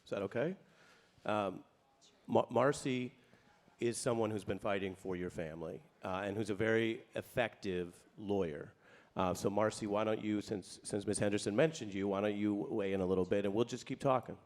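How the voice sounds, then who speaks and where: A man moderating a panel, gentle and supportive, with frequent restarts. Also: fairly low pitch, normal speed. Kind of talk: panel discussion.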